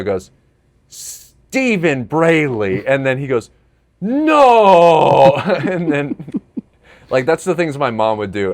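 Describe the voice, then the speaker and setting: Casting: young male podcast host, lowish voice, chatty storyteller, easy laughs. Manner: storytelling, laughs often, animated when acting out scenes. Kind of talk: casual chat.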